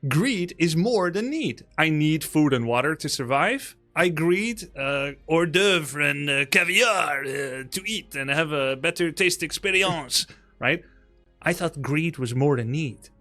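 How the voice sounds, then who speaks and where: A man's voice: fairly high pitch, animated, a little slow, sharp tone. Chatty Dutch man, faint music behind. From Netherlands. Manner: talkative, laughing, explanatory. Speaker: guest, streamer. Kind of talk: casual interview chat.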